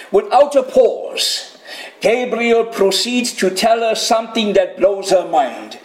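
A man's voice: high-pitched, echoey room, poor audio. A man preaching a sermon, emphatic and addressing his listeners as friends.

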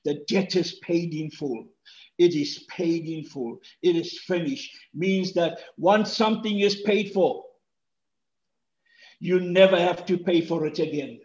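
A male pastor preaching a sermon, swinging from hushed tones to shouts and repeating key phrases for stress. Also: a little high, a little slow, roomy sound, lo-fi sound.

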